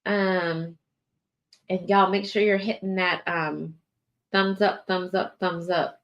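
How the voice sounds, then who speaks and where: A woman's voice: lowish voice, level tone, lo-fi sound. A tired woman, chatting casually with viewers as host of her morning livestream. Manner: chatty, drawn-out, lots of fillers and yawning. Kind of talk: casual live chat with viewers.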